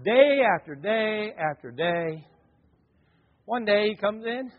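In a reverberant hall captured with dull, lo-fi sound, a middle-aged pastor tells family stories from the pulpit. He animatedly performs his kids' and wife's voices. His voice sits high and his delivery is slow.

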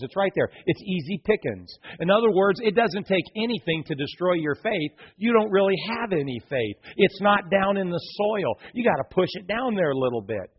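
A man preaching a sermon in a lively, conversational way, acting out quoted voices with playful emphasis. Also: high voice, slightly rough, muffled recording. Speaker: pastor.

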